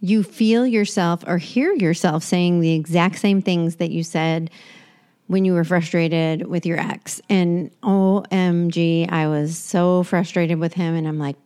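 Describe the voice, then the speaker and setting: A woman's voice: on the low side, measured pace, dark tone, clear, resonant tone. A woman in her forties co-hosting a casual chat show, telling rambling stories full of restarts. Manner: rambling storyteller with frequent restarts. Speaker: podcast co-host.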